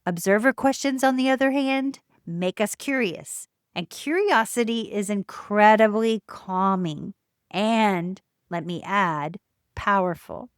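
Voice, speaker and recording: A woman hosting her own podcast, talking in a calm, measured way with emphatic pauses. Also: mid-range voice, clear, resonant tone, dry recording, clean studio sound. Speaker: podcast host. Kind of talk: reflective solo podcast talk.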